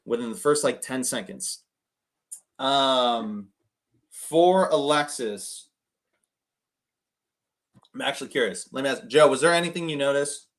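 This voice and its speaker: A man coaching cold callers in a chatty, energetic way, full of fillers and restarts. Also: mid-range voice. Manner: acts out phone calls, shifting his tone to match others. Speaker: real estate investor coaching cold callers. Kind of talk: casual coaching talk on a video call.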